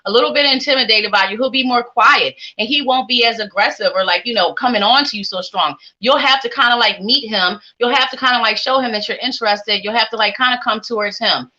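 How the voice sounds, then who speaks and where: A young woman gives psychic tarot readings to viewers on a live stream. Her voice is bright and a touch high, and her delivery is sing-songy and chatty. The stream audio sounds dull and lo-fi. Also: brisk, few pauses. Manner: warm chatty, sing-songy, playful asides.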